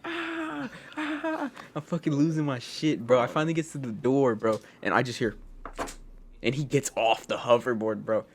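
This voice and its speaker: A young man co-hosting a podcast, telling a story in a casual, animated way, swearing a lot and saying "bro" all the time. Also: mid-range voice, brisk, a little hiss or hum. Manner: animated, profane, says "bro" constantly. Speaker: podcast co-host.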